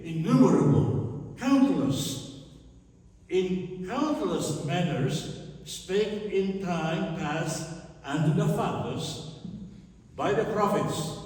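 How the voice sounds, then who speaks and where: A man preaching a sermon, reading scripture slowly and deliberately and stopping to explain it. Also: high voice, mellow. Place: church sanctuary. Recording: echoey church hall from far off.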